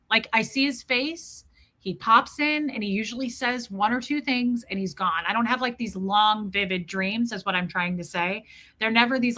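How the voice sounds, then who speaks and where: A woman's voice: medium pitch, pushed and bright. A woman hosting a live stream, telling a personal story in an earnest, casual way and greeting viewers by name.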